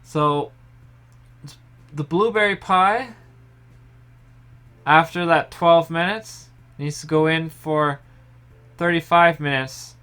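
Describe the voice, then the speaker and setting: A young man talks through a pie recipe in his home kitchen, his voice smooth and resonant and sitting a little high for a man. His explaining is relaxed and step-by-step, often trailing off softly at the ends of phrases. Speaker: home baker. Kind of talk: casual cooking tutorial.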